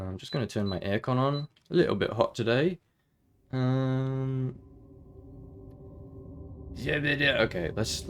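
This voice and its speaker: A man's voice: lowish voice, a little hiss or hum. Chatty male gamer thinking aloud. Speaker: gaming video host. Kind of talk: casual game commentary.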